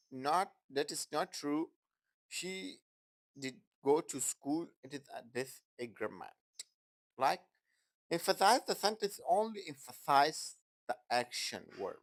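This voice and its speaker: A man gives an English grammar lesson at an unhurried, deliberate pace. His English is non-native and broken. He repeats each example sentence and checks in with the class often. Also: a little high, fairly bright tone, rough recording. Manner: repeats example sentences, asks "What?" and "Okay, guys?".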